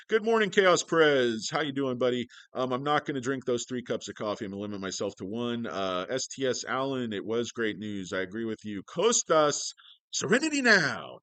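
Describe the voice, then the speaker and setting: A man's voice: medium pitch, fairly bright tone, clear, resonant tone, no echo. A man hosting a stock-market livestream, joking, swearing and rambling as he greets viewers.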